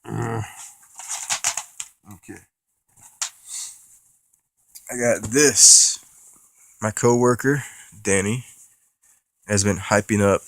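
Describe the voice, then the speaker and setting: Casual male vlogger, stuffy nose, deep gravelly voice, dry close sound, loose and profane delivery. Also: slow, long pauses, no echo. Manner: casual and profane, rambling with restarts. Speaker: movie collector vlogger. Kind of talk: casual unboxing vlog.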